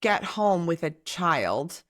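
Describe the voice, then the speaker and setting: A woman with a slightly low voice talks as an interview guest in a loose, chatty way. She is enthusiastic and full of "like"s and quick asides. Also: very animated. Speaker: guest, TV co-host. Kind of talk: casual interview chat.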